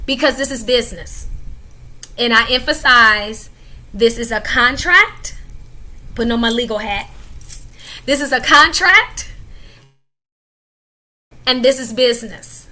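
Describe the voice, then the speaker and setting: A woman hosts a casual panel chat with a high, bright voice. She is emphatic and lively and laughs often as she makes her points. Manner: talks in a casual conversational way. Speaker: host.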